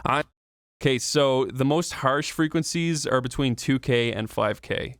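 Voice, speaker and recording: A man's voice: mid-range voice, measured pace, no room sound. A man talking through an audio tutorial in a loose, casual way, explaining each step with fillers and the odd swear.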